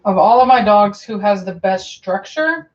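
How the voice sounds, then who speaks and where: A woman dog breeder talks casually on her livestream and wanders from point to point. She fills gaps with ums and says things twice. Her voice sits in a middle pitch, and the audio is dull and lo-fi. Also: lively intonation, normal speed. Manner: chatty and meandering, with many ums and repeats. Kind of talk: casual livestream chat answering viewer questions.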